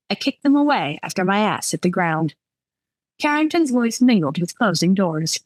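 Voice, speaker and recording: Lively woman reading her novel. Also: mid-range voice, normal speed, no room sound. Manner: lively, expressive first-person narration. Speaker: author.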